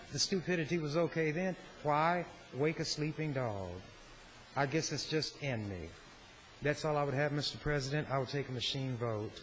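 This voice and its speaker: A man giving a slow, deliberate, sardonic floor speech as a state senator in a legislative chamber. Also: on the high side, fairly bright tone, slight background noise, low-quality recording.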